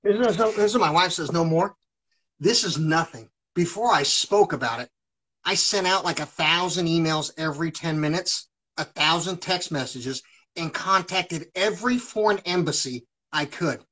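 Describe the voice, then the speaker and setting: A man's voice: on the high side, normal speed, sharp tone, husky, poor audio. A man talking on a live stream in an agitated, rambling monologue, swearing heavily. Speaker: livestreamer.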